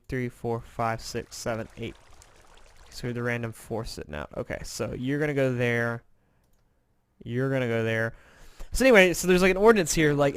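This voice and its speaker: A man from Indiana, USA, chats casually over a game he's playing in a let's-play style, rambling and poking fun at himself. Short on sleep, he's tired and yawning, and his mid-range voice is smooth.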